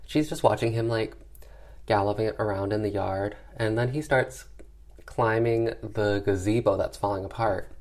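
A film reviewer with a lowish, darkish voice and fairly flat intonation gives a laid-back, sassy rundown of a horror movie. He chats along with plenty of filler words and acts out the characters' lines in quick voices.

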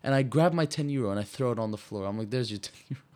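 A man's voice: medium pitch, rapid-fire, a little mellow. Blunt, swearing young man ranting. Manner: blunt, swears a lot, rants animatedly. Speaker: podcast co-host. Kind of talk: casual chat.

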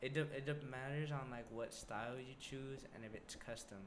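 A man's voice: mid-range voice, steady tone. A young man co-hosting a podcast, chatting casually, bluntly and with plenty of swearing, often stopping to find his words. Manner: blunt, swears freely, halting storytelling. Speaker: podcast co-host. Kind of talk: casual chat. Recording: noticeable background noise.

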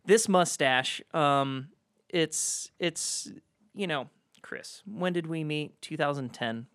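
A podcast host in their thirties from Seattle, chatting casually, rambling and giggling, sometimes bursting into loud squeals. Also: medium pitch, slow, smooth, dry recording, clean studio sound.

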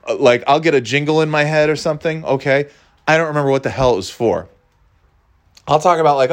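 A man's voice: a little high, fast. A male podcast host rambles through a casual monologue, swearing freely. His storytelling is loose and self-mocking, full of restarts and asides.

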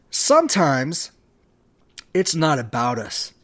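A man giving a devotional talk, his voice sitting a little high. He takes his time, speaking slowly and pausing often between phrases. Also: expressive. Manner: slow, measured delivery with long pauses. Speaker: podcast host.

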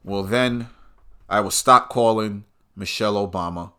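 Podcast host, crude combative ranter, bright forceful voice. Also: male voice, on the low side, a little slow, clean tone. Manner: crude, combative, swearing freely. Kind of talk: profane rant.

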